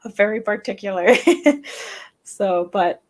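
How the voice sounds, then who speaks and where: A woman's voice: medium pitch, slow pace. A woman hosts a live stream in easy, chatty conversation. Her voice sits in a middle range, and giggles keep slipping into her talk. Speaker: host. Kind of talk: casual chat on a live stream.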